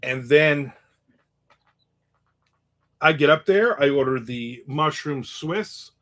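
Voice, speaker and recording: Animated man telling a story. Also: on the high side, slow pace. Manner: animated, acts out the people in his story with raised voices. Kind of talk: casual storytelling monologue.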